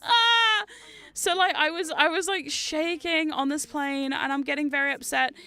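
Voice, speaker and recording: Bright, animated New Zealand woman. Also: sits high, normal speed. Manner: animated, swears freely, laughs often. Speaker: streamer. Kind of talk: casual livestream chat.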